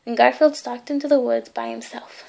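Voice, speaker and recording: A woman reads a bedtime story aloud, gently and with small asides. Her voice sits high and has a noticeable gravelly fry. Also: steady tone, normal speed. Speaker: reader.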